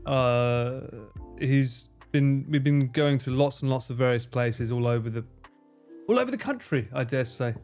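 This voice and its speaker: A man's voice: mid-range voice, flat delivery, unhurried, darkish tone, faint music behind. A man hosting a casual livestream, reading viewer messages with lots of swearing and self-mocking jokes. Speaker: livestream host.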